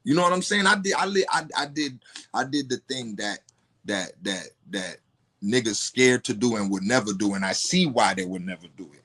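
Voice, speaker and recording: A podcast guest with an expressive, medium-pitched voice that's a bit bright and slightly rough tells a personal story. His talk is casual, profane, and halting, with many restarts.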